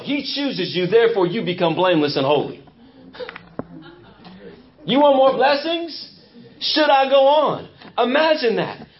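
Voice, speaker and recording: A pastor delivering a sermon in a church with an emphatic, repetitive preaching cadence. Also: male voice, high voice. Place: church sanctuary. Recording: muffled lo-fi church recording.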